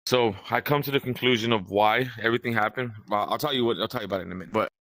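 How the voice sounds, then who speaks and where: A man's voice: mid-range voice, rapid-fire, a bit bright, no room sound. A young man hosting a podcast, telling a long, rambling, profane story in casual chat and acting out what others said. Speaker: podcast host.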